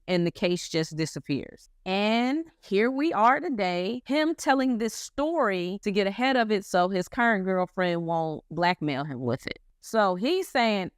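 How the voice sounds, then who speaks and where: A woman's voice: mid-range voice, expressive, moderate pace, few pauses, smooth, dry recording, clean studio sound. A woman casually retelling a story in slangy commentary, acting out the quotes as she goes. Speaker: commentary host.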